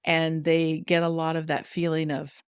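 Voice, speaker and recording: A woman guest on a wellness podcast, explaining warmly and chattily, laughing often and acting out little quotes. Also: deep voice, completely flat delivery, normal speed, smooth, no echo, clean studio sound. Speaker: human design guide, guest.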